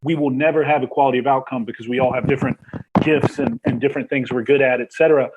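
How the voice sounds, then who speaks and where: A man's voice: medium pitch, fairly even intonation, fast talker, muffled recording, background noise. A man hosting a podcast interview, talking casually and rambling with many fillers. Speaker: podcast host.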